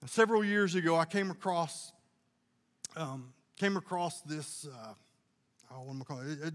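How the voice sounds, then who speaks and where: Folksy preaching man in a reverberant hall. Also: fairly high pitch. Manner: folksy storytelling, conversational with restarts. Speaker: pastor. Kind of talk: sermon.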